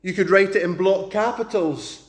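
A man preaching a sermon, emphatic, repeating words for stress and slowing down when he quotes scripture. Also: high voice.

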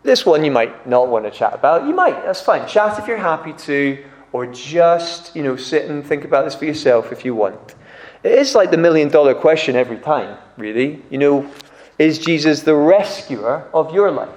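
A man preaching a sermon, animated and acting out crowd voices. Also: on the high side, moderate pace. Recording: echoey room.

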